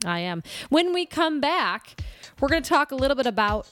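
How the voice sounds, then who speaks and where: A woman hosting a podcast, chatting casually and excitably with quick asides. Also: high-pitched, faint music behind. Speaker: podcast host.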